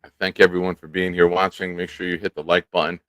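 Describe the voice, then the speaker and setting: Deep-voiced male host of a live stream, lively and chatty, dry studio mic. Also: fast talker, no room sound. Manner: animated, talks to chat by name. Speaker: show host. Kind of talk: casual live-stream chat. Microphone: studio microphone.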